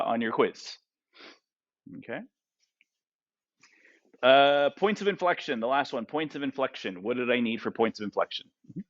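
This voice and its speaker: A man's voice: lowish voice, vocal fry, fairly bright tone, dull audio. A man teaching a math class, who keeps asking his students questions and tags his points with "right?" and "okay?". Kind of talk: classroom lecture.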